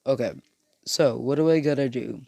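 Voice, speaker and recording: A drained teenage boy drawls in a flat, blunt way, unimpressed by anything, voiced by a man in a fan retelling. Close, dry sound with no room. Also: medium pitch, normal speed, vocal fry, no echo. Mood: weary. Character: tired, blunt teen boy hero turned dark.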